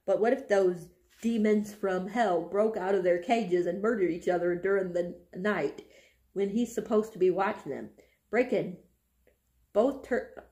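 A woman's voice: mid-range voice, darkish tone. Young woman, book vlogger, casual read-aloud, giggly and chatty, mid-range voice. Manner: reads passages aloud with frequent giggling. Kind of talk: casual book reading and chat.

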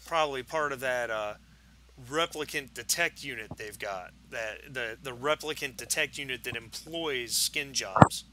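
A man's voice: mid-range voice, unhurried, noisy background, lightly acted. A man voicing a burly, hostile drunk male tenant who slurs his words. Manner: slurred, belligerent.

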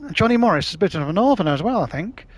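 While streaming a game, a man from London with a Cockney accent chats matily and casually with viewers, swearing freely. He sounds high, expressive and racing.

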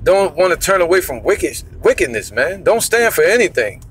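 A man with a fairly high voice preaching in a blunt, street-style way. He swears now and then and leans hard on each point. He slows down to read scripture aloud. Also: very animated, a bit bright, breathy edge. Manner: blunt, cursing, emphatic, reads scripture slowly.

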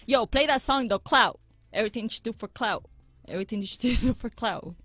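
A woman's voice: on the high side, fairly quick, music in the background. A woman as a radio show guest, brash and playful in casual studio banter.

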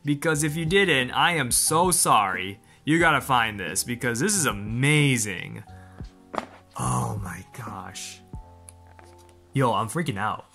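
A man hosting an unboxing vlog, excitable and gushing, full of exclamations. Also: mid-range voice, moderate pace, few pauses, faint music behind. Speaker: channel host.

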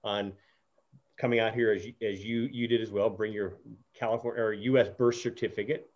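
A man's voice: lowish voice, steady tone, a little fast, darkish tone. Earnest guy hosting an interview, rambling story with lots of restarts, kinda dull lo-fi sound. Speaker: podcast host. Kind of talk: casual interview chat.

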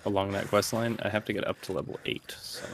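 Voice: low voice, flat delivery, fast, slight background noise. A teammate in an online shooter, laid-back and giving short callouts over voice chat. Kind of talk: casual gaming chat over voice chat.

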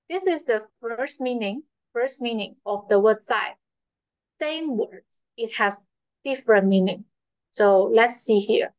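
A woman's slightly high voice leads a patient online Chinese class from a school, slowly repeating phrases and leaning on fillers. The recording is dry, lo-fi, and a bit dull.

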